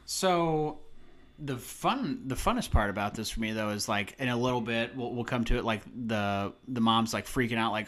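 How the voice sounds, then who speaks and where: A man co-hosting a movie podcast in casual chat, animated, laughing often and slipping into high voices to act out quotes. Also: normal speed. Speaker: podcast co-host.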